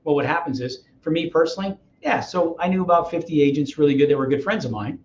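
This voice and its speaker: A middle-aged man, a real estate agent, telling an energetic, persuasive story as a guest in an interview. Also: on the high side, fast, reverberant, lo-fi sound, slight background noise. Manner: energetic, acts out dialogues, persuasive.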